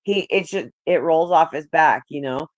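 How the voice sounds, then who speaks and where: A woman's voice: low-pitched, moderate pace, no room sound. A woman chatting casually on a live audio panel, laid-back, joking and swearing freely.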